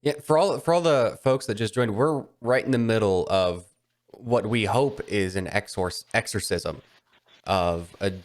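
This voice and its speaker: A man's voice: on the low side, measured pace. A man playing a tabletop game, chatting casually and hesitantly with frequent restarts.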